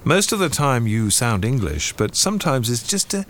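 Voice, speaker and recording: A man's voice: mid-range voice, big pitch swings, normal speed, fairly bright tone, slight background noise. A man playing a shrewd, probing priest. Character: shrewd male priest interrogating a suspect. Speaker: priest investigator.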